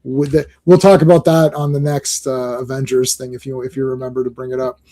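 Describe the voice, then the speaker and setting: A man with a mid-range voice hosts a comic book podcast, chatting casually at a brisk pace. He's excitable and rambling, laughing often and restarting his sentences.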